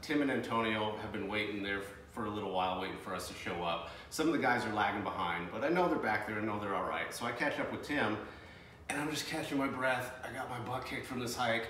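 Man, casual storytelling, animated, laughing, distant mic, very echoey room. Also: fairly low pitch, fast, a little hiss or hum. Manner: animated, laughing while retelling a scare. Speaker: treasure hunting team member.

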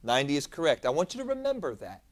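A man preaching a sermon as pastor, moving from quiet, low lines to loud, emphatic peaks. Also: huge pitch swings, racing. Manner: dynamic preacher, swinging from soft lows to loud emphatic peaks. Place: church sanctuary.

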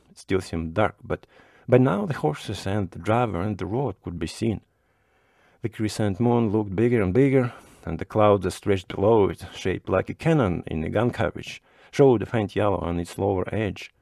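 A man with a low voice reads a classic short story aloud at a measured pace. His delivery is steady and expressive as he narrates the scenes. The recording is close and dry, with no room sound. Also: gravelly, no echo. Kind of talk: audiobook narration.

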